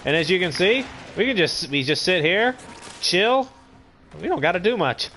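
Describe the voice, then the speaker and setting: A man's voice: sits high, very animated, moderate pace, bright, forceful tone, slight background noise. A man hosting a gaming channel, giving laid-back, rambling commentary while he plays and chats to viewers. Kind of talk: casual gameplay commentary.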